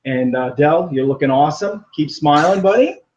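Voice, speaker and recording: A man calling in to a casual chat show, talking in a rambling, animated way and laughing often. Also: a little high, normal speed, dull audio, a little hiss or hum. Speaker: caller.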